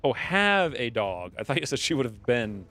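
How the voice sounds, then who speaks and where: A man's voice: medium pitch, very animated, moderate pace. A man giving casual live commentary on a strategy game, chatty and thinking aloud, often laughing. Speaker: game streamer.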